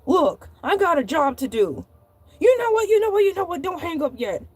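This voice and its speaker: A woman doing a fussy cartoonish shark host with a high, bright voice, rambling on and repeating himself in indignant bursts. The sound is dry and close, with no room around it. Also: sing-song, normal speed, no room sound. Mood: indignant pleading. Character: Hercules, chatty male shark show host. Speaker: livestream host. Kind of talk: comedic live-stream character monologue.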